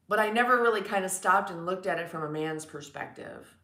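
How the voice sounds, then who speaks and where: A woman's voice: mid-range voice, lively intonation, moderate pace, sharp tone, echoey room. A woman in her forties with a New York accent, chatting frankly with viewers on her livestream. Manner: chatty, frank, blunt, swears casually. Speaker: livestream host. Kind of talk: casual chat with viewers.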